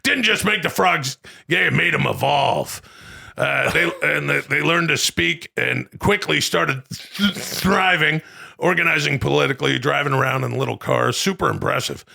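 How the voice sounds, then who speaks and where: A man putting on a ranting middle-aged conspiracy radio host, with a gravelly, shouting delivery. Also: fairly high pitch, normal speed, exaggerated voice. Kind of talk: comedic impression.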